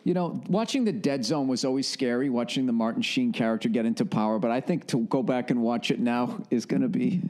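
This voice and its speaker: A middle-aged podcast host from the northern United States rants solo in a casual comedic monologue, profane and laughing often, with a Boston accent. His voice is medium-pitched and warm, captured on a studio podcast mic.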